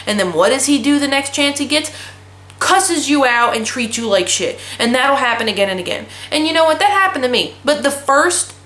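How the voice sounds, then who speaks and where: A young woman in her twenties talks in a slightly high voice, blunt and swearing freely as she rants. Her voice bounces around an echoey room. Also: lively intonation, normal speed, fairly bright tone. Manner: blunt, profane ranting storyteller. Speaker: vlogger. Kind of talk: casual chat.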